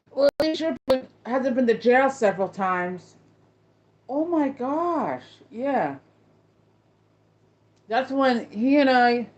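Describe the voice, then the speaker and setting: A woman hosting a casual chat with viewers, telling a story in a rambling way with many restarts. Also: fairly high pitch. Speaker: host. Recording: dull lo-fi sound.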